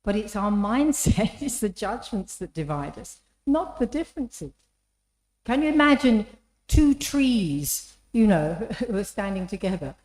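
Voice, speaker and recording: Woman, inspirational talk, engaging storyteller, questions to the audience, mid pitch, echoey hall. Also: darkish tone. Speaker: speaker.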